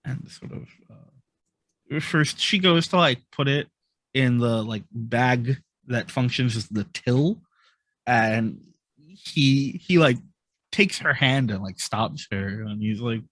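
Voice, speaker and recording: A man narrating as game master in a tabletop game, describing scenes in an animated way. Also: mid-range voice, slow pace, no echo. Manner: animated, descriptive, with many fillers.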